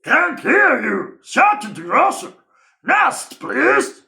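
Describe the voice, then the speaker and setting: A man voicing a loud, shouting male shopkeeper in a children's storybook reading, bellowing his lines high and hard. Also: huge pitch swings, drawn-out words, gravelly, roomy sound, full character voice.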